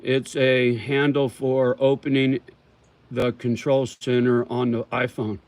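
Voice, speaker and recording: A man hosts a casual livestream and answers viewer comments as they come in. He talks in a loose, slangy way, swears freely and calls people homie and brother, all at an ordinary middle pitch. He chews tobacco as he talks, and the mic is close and dry with no room sound. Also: little pitch movement, slow pace, darkish tone, no echo. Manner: chews tobacco while talking. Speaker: livestream host.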